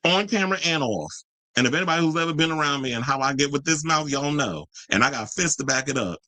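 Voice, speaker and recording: A man's voice: on the high side, lively intonation, quick pace, pushed and bright, no room sound, rough recording. A man hosting a commentary livestream, talking bluntly and combatively to his viewers, heavy with profanity and answering chat comments. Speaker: host of a pop culture commentary channel.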